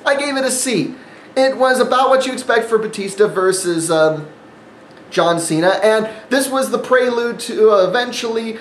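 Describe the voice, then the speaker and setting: A man's voice: extremely high pitch, animated, a little fast, roomy sound, slight background noise, low-quality recording. A man hosting a casual wrestling review monologue, sarcastic and rambling, with frequent fillers. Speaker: wrestling event reviewer, channel host.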